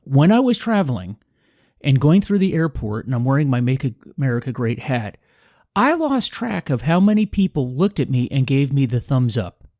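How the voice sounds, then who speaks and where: A man's voice: mid-range voice, big pitch swings, moderate pace, a little mellow, no room sound, clean studio sound. A man hosting a podcast, giving an emphatic, combative political commentary monologue in a preachy manner. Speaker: podcast host.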